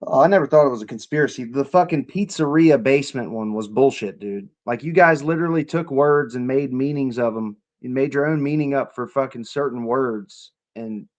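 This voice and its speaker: A man's voice: mid-range voice, fairly quick, hardly any pauses, a little mellow. A man hosting a livestream, talking in a loose, chatty way with plenty of swearing. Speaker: livestream host. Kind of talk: casual livestream commentary.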